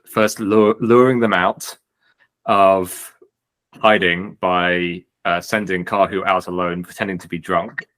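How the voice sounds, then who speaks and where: A man's voice: deep voice, fairly even intonation, slow pace, a bit bright. A man co-hosting a casual tabletop gaming podcast, trading dry joking asides. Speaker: podcast co-host.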